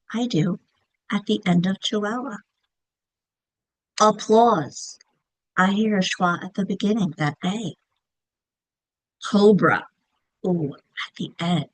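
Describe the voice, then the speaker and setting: Woman, teacher trainer, mid pitch, dry close sound, recorded presentation, friendly explaining. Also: dry recording, poor audio. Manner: friendly, explains with examples and checks in with okay.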